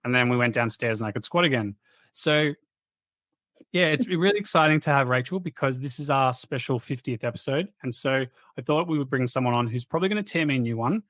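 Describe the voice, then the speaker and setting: A man in his thirties hosting a podcast, telling casual, animated, slangy stories. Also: mid-range voice, brisk, no echo. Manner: chatty, animated, slangy anecdotes. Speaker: podcast host.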